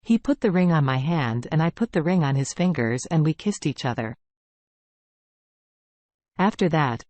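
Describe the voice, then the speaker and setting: A woman telling a first-person story in a plain, even way. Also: low voice, no echo. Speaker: story narrator.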